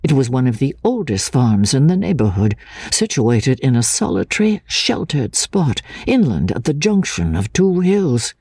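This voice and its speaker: A woman voicing a timid, fragile young woman haunted by grief, speaking in a breathless, hushed voice that slips into whispers. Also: extremely low pitch, very animated, a little slow, husky, dry recording, exaggerated voice. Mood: wistful. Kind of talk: audiobook drama acting.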